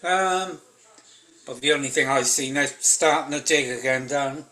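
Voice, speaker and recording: A man's voice: medium pitch, a little slow, pushed and bright. Tentative man on a video call. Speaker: class member. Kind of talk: casual chat on a video call.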